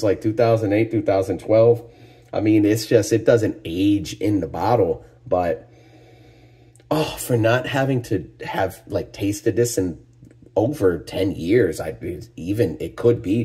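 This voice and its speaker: A husky, low-voiced man with a dark tone hosts a channel reviewing tequila in a casual tasting. He's enthusiastic, exclaiming over the aromas, sighing frequently and saying "oh my gosh."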